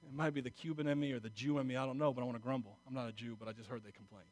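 A middle-aged man preaching a sermon, emotional, moving from quiet confiding talk to loud exhortation. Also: medium pitch, steady tone, racing. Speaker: pastor.

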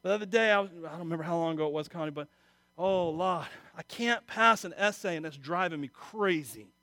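Male pastor, middle-aged, high bright voice, dry close sound, emotional preaching that swings between hushed and loud. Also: brisk, no room sound. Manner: emotional, swings from quiet confiding to loud exhortation. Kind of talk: sermon.

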